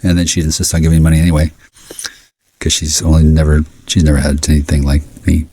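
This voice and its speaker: A man's voice: extremely low pitch, completely flat delivery, fast talker, mellow, husky, dry recording. A man ranting angrily and rambling, jumping between subjects and cursing a lot. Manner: angry, scattered, cursing. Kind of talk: rambling profane rant to camera.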